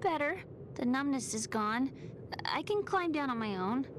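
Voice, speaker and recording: An actress voicing a timid young woman in a video game, soft and earnest, afraid of water and heights. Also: high-pitched, expressive, unhurried, a little hiss or hum.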